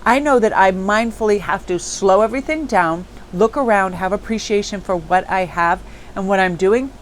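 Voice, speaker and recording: Woman, tarot vlog host, warm-hearted spiritual chatter, average pitch, faint noise floor. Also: moderate pace, rough recording. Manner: upbeat, spiritual, chatty storytelling. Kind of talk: casual reflective monologue.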